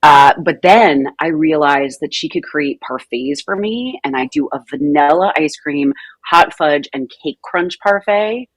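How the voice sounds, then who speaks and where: Low-voiced chatty woman guest. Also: lively intonation, a little slow, creaky, no echo. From New Jersey. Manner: chatty, laughs easily, self-deprecating. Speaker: guest, communication expert and author. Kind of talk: casual interview chat.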